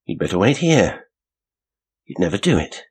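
A man's voice: low-pitched, big pitch swings, moderate pace, a little mellow, breathy edge, full character voice. A man reading a story aloud and voicing a talkative, cheerful young male passenger. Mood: urging. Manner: talkative and eager.

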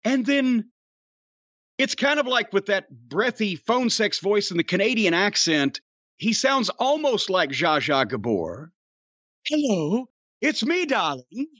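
Animated, rambling man hosting a podcast. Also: high voice, measured pace, dry recording, muffled recording. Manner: rambling, animated storyteller, profane. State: getting hoarse. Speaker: podcast host. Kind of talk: casual podcast chat.

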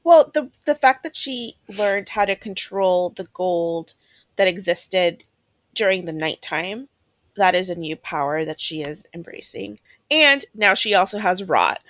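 A woman with a lively, rising and falling voice chats on a book podcast, recorded with a dry, close sound. She playfully jumps in to correct points and fill in details. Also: mid-range voice, unhurried, no echo. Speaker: podcast co-host. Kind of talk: casual book chat.

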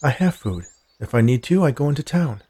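A man's voice: medium pitch, expressive, fairly quick, warm tone, breathy edge, voice pushed up. A man voicing a guarded young woman who speaks curtly and firmly.

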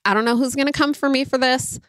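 A woman's voice: high voice, steady tone, quick pace, fairly bright tone, dry recording, studio quality. A woman in her thirties hosting a parenting podcast, chatting directly to listeners and calling them y'all. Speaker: podcast host. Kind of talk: casual solo podcast talk.

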